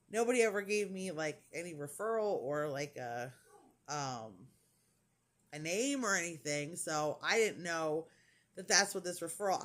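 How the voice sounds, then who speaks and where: A woman vlogger telling a long personal story in a casual chat, acting out the other people's lines, with many likes and ums. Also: on the low side. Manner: animated, retells dialogue with lots of "like" and fillers. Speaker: crafting vlogger.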